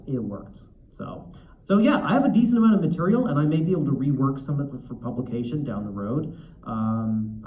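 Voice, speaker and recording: A man's voice: medium pitch, slight background noise. A man speaking at a convention panel, chatty and self-deprecating, with frequent fillers and restarts. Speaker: author and convention guest. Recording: tinny echoey hall recording.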